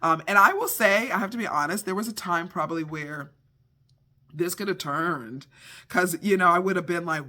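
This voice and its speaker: A middle-aged man giving a devotional talk, telling a story in an animated, expressive way and acting out the scenes. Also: high voice, normal speed. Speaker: devotional speaker.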